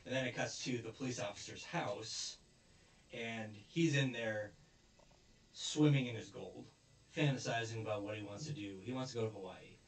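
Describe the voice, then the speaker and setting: A man's voice: fairly low pitch, normal speed, reverberant, recorded from a distance. Man rambling through an episode recap. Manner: rambling, chuckles often. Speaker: anime reviewer.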